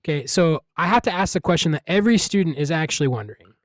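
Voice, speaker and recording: A man introducing a guest interview on a podcast, upbeat and fast. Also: a little high, expressive, no room sound.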